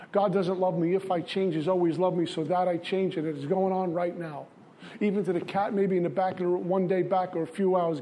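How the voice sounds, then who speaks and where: A man's voice: high voice, a little mellow, slight background noise. A man from Brooklyn, giving an earnest, confessional recovery testimony in a repetitive style. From Brooklyn, New York. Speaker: recovery speaker.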